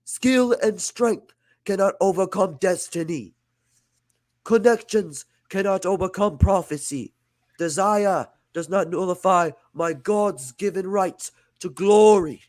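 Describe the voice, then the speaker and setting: A man voicing an arrogant male wrestler who calls himself a ruler, in a slow, overblown put-on accent. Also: sits high, a little mellow, pitched above the performer's own voice. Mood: haughty. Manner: grandiose, slow and over-the-top put-on accent.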